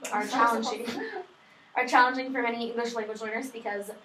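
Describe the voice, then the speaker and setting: A woman's voice: on the high side, steady tone, fairly quick, pushed and bright. A young woman, a student, casually summarizing her reading for a study group, chatty and full of fillers and self-deprecating asides. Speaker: student presenter. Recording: echoey room, distant mic, faint noise.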